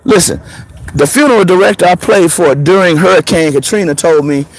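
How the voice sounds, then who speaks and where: A man in his thirties telling a story in a casual, profane monologue, laughing often and swinging between preacher-like highs and murmurs. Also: a little fast. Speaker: show host.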